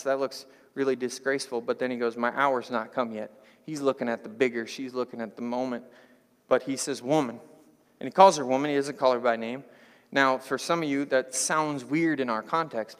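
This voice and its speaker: Conversational preacher in a reverberant hall. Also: male voice, mid-range voice. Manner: conversational, animated, jokes with the congregation. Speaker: pastor. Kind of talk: sermon.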